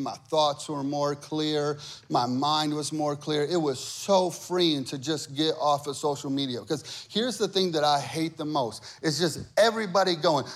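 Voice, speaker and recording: A man preaching a sermon as pastor, talking to the congregation conversationally and building to emphatic, repeated lines. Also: on the high side.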